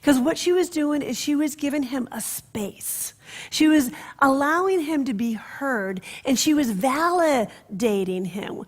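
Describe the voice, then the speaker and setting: A woman minister giving a sermon, telling stories in an expressive way that drops to soft, hushed passages. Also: sits high, a little slow.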